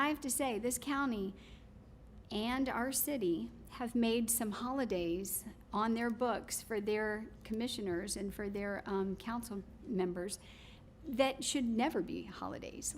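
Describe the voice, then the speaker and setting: A woman's voice: medium pitch, unhurried, a little hiss or hum. A woman giving public comment at a county meeting, telling a story with lots of fillers and restarts. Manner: animated storytelling, many fillers. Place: county commission chamber.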